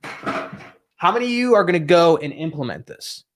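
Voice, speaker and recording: A man's voice: on the high side, sing-song, normal speed. A man hosting a live stream as a sales coach, talking in a blunt, emphatic, scolding way from a room lined with bookshelves. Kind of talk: motivational live-stream talk. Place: room with bookshelves behind him.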